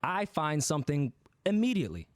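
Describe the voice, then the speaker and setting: A man's voice: a little high, huge pitch swings, fairly quick, dry recording, clean studio sound. A man co-hosting a podcast, talking candidly and bluntly, with profanity, as he explains his side of a dispute. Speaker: podcast co-host.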